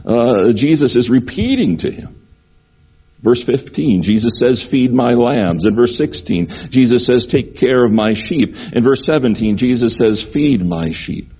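Male pastor, sermon delivery, warm husky tone, dull lo-fi sound. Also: mid-range voice. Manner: earnest preaching, repeats phrases for emphasis.

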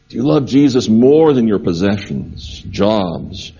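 Male pastor, sermon delivery, warm husky tone, dull lo-fi sound. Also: lowish voice, lively intonation, a little slow. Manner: earnest preaching, repeats phrases for emphasis.

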